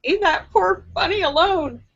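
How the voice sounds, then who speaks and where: A woman's voice: extremely high pitch, a little slow, creaky, fairly bright tone, highs cut off. A woman hosting a casual live stream and reading viewer comments aloud, playful and sassy, with frequent laughter and joking asides.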